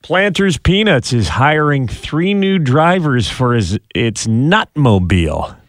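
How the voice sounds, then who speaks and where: A man's voice: mid-range voice, very animated, slow, no echo, studio quality. Jokey male morning radio host. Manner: chatty, jokey, laughs often. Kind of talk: casual morning radio banter. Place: radio studio. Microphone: studio microphone.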